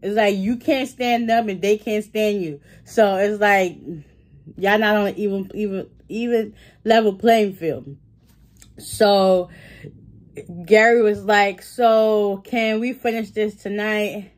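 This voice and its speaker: A woman's voice: medium pitch, steady tone, slow pace. A woman vlogger casually recapping a TV episode, acting out the characters' lines with laughs and fillers.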